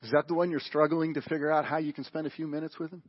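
A male pastor preaches with force, firing rhetorical questions and then dropping to a hush. His voice is husky and sits fairly high. The audio is dull and lo-fi, like a live broadcast. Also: fairly even intonation, very fast. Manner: emphatic, rhetorical questions, big swings in loudness. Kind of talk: sermon.

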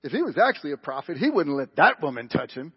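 A preacher acts out a boastful Pharisee man who is sure of his own goodness. He talks in a raised, pleased-with-himself voice. His husky voice comes through a dull, lo-fi live broadcast. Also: on the high side, big pitch swings, quick pace, long reverb tail. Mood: smug. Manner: boastful, self-congratulating. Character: smug self-satisfied Pharisee host, adult man.

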